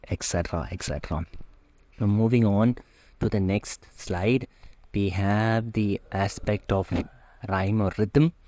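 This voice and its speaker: A man gives a slide lecture on German phonetics at an unhurried, deliberate pace, his voice sitting fairly low. He hesitates often and fills gaps with "uh". The recording is dry and close, with no room sound. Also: dark tone, no echo. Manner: slow, hesitant, many "uh" fillers. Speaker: German language teacher.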